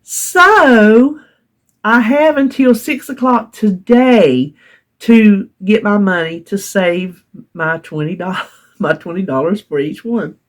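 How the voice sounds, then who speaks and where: A woman's voice: mid-range voice, slow. Laughing Southern woman telling a story. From North Carolina. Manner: animated, laughs often while telling a frustrating story. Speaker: vlogger. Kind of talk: casual storytelling vlog.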